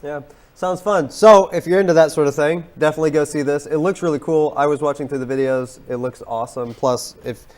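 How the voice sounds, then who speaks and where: A man's voice: fairly high pitch, fairly even intonation, darkish tone. A teenage boy interviewing a classmate in a casual, eager way, leaning heavily on the word "like". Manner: quick, eager, lots of "like". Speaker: student interviewer.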